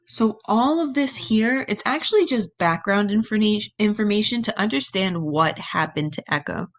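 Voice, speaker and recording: A woman's voice: medium pitch, expressive, normal speed. A young woman teaching a class, reading a myth aloud and explaining it in casual, plain words as she thinks it through. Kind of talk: reading lesson, thinking aloud over a text.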